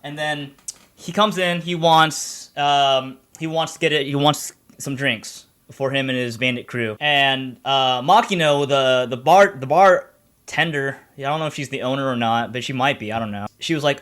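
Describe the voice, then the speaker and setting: Rambling man with a bright voice. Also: mid-range voice, steady tone, unhurried, smooth. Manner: rambling, many fillers and swearing. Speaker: streamer retelling an anime story. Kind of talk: casual story recap.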